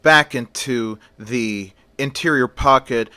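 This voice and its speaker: A man narrating a story in a loose, chatty way. His voice is bright and forceful, and the sound is dry and close. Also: medium pitch, takes it slowly, clear, resonant tone, no echo. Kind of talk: casual story retelling.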